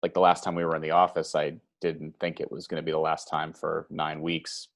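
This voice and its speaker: Deep, flat-voiced male interviewer. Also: fairly quick, creaky. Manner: hesitant, rambling questions. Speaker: interview host. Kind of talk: casual interview questions.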